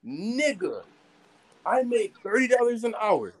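A man's voice: sits high, big pitch swings, unhurried, rough recording. A young man in casual podcast banter, brash and swearing freely, telling stories with mock quotes. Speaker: podcast host.

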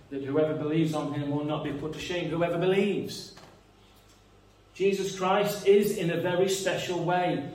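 A man's voice: a little high, a little mellow. A man preaching a sermon in an earnest, reasoning way, often repeating words as he thinks. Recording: echoey room, mic some distance away.

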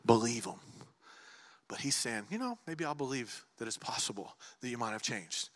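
Male preacher, high and sharply bright, storytelling sermon, hushed to shouting, long church-hall reverb. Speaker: pastor.

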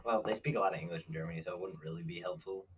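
A man's voice: low-pitched, very fast, husky. A young American man in casual chat with friends, joking and laughing often. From United States.

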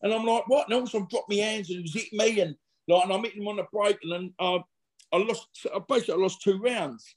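Chatty ex-boxer telling fight stories. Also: male voice, high voice, quick pace. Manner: chatty, rambling, laddish slang with frequent fillers. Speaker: former boxer, interview guest. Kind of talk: casual storytelling interview.

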